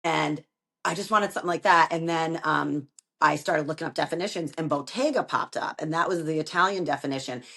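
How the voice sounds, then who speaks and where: Low-voiced animated woman studio owner. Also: a little fast, creaky. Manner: animated storyteller, acts out quoted voices. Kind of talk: casual conversation.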